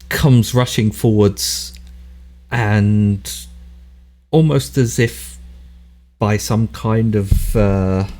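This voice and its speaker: A man running a tabletop horror game as keeper, narrating slowly with hesitations. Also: on the low side, dark tone. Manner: slow, measured narration with hesitations.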